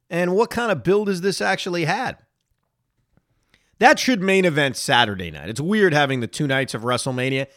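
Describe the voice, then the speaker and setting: A man's voice: mid-range voice, fairly bright tone, no room sound, clean studio sound. A man hosting a podcast, giving sarcastic, exasperated solo commentary full of rhetorical questions. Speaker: wrestling podcast host.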